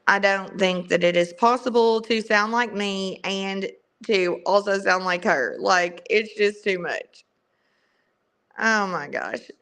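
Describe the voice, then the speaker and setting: Young Southern woman host, bright clear voice, unhurried casual livestream chat. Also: medium pitch. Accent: strong Southern US. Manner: chatty, greets viewers by name.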